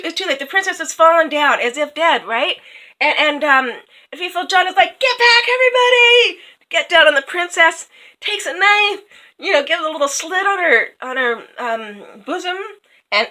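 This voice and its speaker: Lady retelling a fairy tale all chatty, lots of ums, super expressive. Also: high voice, rough recording. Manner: chatty, lots of fillers and asides. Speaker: storyteller.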